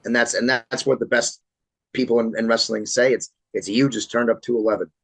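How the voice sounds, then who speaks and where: A man in his thirties from Florida, a pro wrestler telling animated, swear-laced stories as a podcast guest. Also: mid-range voice, brisk, creaky, no echo, low-quality recording. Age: 30s. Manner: animated storyteller, swears freely. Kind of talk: casual podcast interview storytelling.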